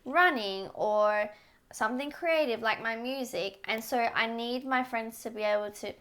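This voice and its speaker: A woman co-hosting a podcast in casual chat, bubbly and exclamatory, quick to react. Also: on the high side, a bit bright. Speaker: podcast co-host.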